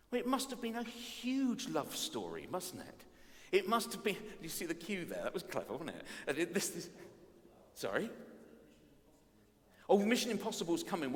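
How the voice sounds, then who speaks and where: A man preaching at a playful family service, animated and self-mocking as he tells the story. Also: mid-range voice. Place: church. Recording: long reverb of a church hall.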